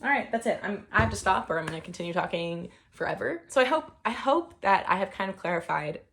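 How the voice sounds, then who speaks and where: A woman's voice: medium pitch, lively intonation, fast, fairly bright tone. A woman reviewing books in a casual, rambling chat, full of fillers and gushing enthusiasm. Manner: rambling, with many fillers and restarts. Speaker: book reviewer.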